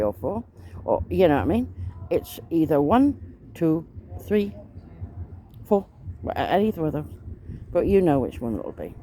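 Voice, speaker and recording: Her pitch is extremely low and mellow as the vlogger chats on in a meandering monologue. She comes across as aggrieved, swearing mildly, while faint noise sits behind her.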